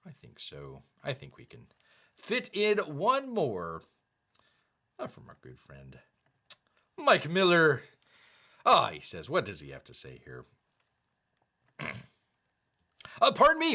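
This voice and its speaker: A man's voice: a little high, sharp tone. A man hosting a casual livestream and reading viewer comments, rambling and jokey, often searching aloud for words. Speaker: livestream host.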